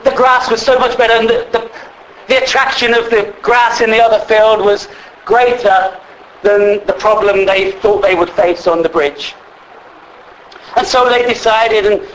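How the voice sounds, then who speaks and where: High-voiced man telling a sermon story. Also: a bit bright, a little hiss or hum, low-quality recording. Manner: conversational, repeats words, asks listeners questions.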